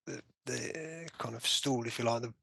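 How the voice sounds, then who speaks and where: A man, a guest in an interview, tells a personal story with animated delivery, acting out his own and the doctors' remarks and often saying "you know". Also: mid-range voice, moderate pace, creaky, slightly rough, no echo.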